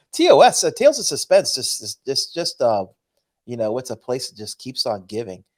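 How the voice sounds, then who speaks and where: Easygoing male co-host, halting speech. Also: medium pitch, wildly swooping pitch. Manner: easygoing, hesitant with many fillers and restarts. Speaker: podcast co-host. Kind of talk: casual chat about comics.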